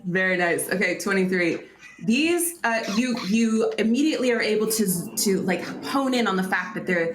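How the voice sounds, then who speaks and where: A woman's voice: mid-range voice, slight background noise. Roomy-sounding woman running a tabletop game. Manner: chatty, laughing, restarts while describing. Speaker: game master.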